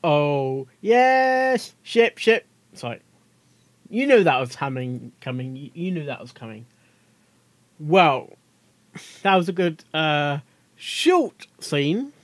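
A man's voice: a little high, big pitch swings, slow pace, pauses often, dry recording. A man hosting a casual reaction video, chatty and giggly, often tripping over his words.

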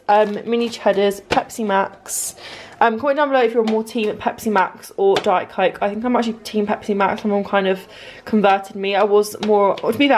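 A woman's voice: mid-range voice, a little hiss or hum. A young woman chatting casually at home in a vlog, peppering her talk with "literally". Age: young adult. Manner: chatty, says "literally" constantly. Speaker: vlogger.

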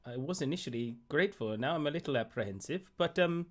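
Lively courteous man at a game table. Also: a little high, fast. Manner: politely courteous, a little flustered. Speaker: player. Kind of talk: in-character role-play.

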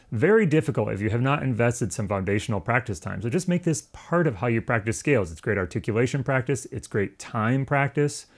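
A man teaching a music lesson in a casual, explanatory way, now and then singing rhythms on syllables. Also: fairly low pitch. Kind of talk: instructional lesson.

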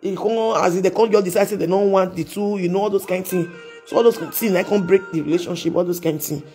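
A woman's voice: medium pitch, quick pace, mellow, soft background music. A woman with a Nigerian accent, chatting casually on a live stream and sliding between Pidgin and English, with frequent laughs. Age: adult with children.

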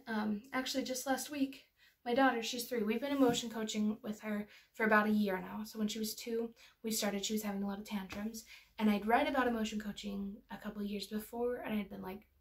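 A young adult woman and parenting educator giving an earnest, personal explanatory talk that is full of anecdotes. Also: mid-range voice.

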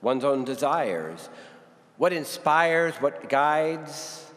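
A man giving a homily at Mass, speaking slowly and deliberately with long pauses and repeated questions. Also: on the high side, lively intonation, a bit bright. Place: parish church. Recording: reverberant church.

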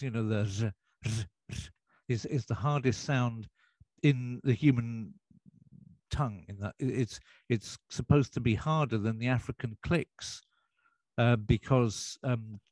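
A man with a British accent, talking as a guest in a casual interview. He explains at length and often restarts his sentences. His voice sits at a middle pitch, and the recording is dry and close. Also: darkish tone, dry recording.

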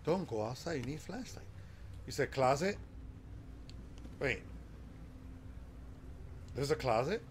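A man's voice: medium pitch, lively intonation, slow pace, long pauses, a little hiss or hum. A man commentating live on a horror game, talking to his chat and yelping at scares. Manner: jumpy, talks to chat, yelps at scares. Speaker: game streamer.

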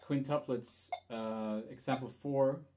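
A man's voice: medium pitch, fairly even intonation, slow pace, background noise. A man giving a guitar lesson, explaining rhythm in a hesitant way with fillers and restarts. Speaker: guitar teacher.

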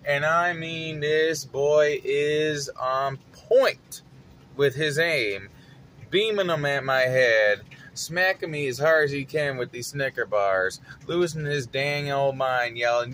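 A man telling a story from his retail job in an animated, dramatic way. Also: on the high side, slow. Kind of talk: casual storytelling vlog.

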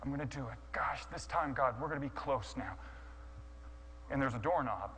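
A man's voice: mid-range voice, moderate pace, fairly bright tone. A man telling a dramatized sermon story, acting out his own thoughts with stammering restarts, heard in an echoey hall with a faint hum. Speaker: guest speaker.

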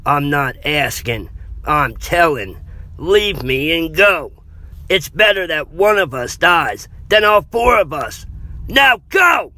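A man's voice: fairly high pitch, big pitch swings, slow pace, sharp tone, pitched above the performer's own voice, heavily acted. A man voicing an injured young man in a horror story, speaking in a strained, intense, pained way. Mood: desperate. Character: injured young man, brave, in great pain.

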